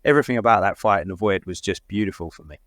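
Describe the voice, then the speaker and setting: A man's voice: low voice, racing, a bit bright, dry recording. A man co-hosting a casual movie review podcast, enthusiastic and acting out film lines. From outside the United States. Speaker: podcast co-host.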